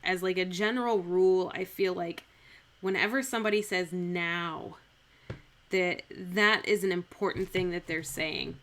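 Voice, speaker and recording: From her home streaming setup, a woman with a lowish, steady, slightly bright voice thinks aloud while scanning a Shakespeare speech on a live stream. She talks in an unhurried, chatty way, corrects herself often, and repeats lines to test where the stress falls.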